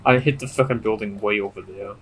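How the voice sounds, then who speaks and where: A man's voice: lowish voice, fairly even intonation, a little fast, a little hiss or hum, low-quality recording. A man playing a video game speedrun, grumbling and swearing at his misses in casual commentary.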